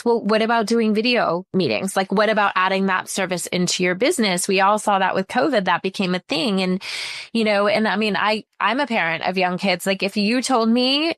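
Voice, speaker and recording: A woman's voice: medium pitch, normal speed, a bit bright, no room sound, studio quality. A woman in her thirties, a company founder guesting on a podcast, talking in an upbeat, eager and persuasive way. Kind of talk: casual interview chat.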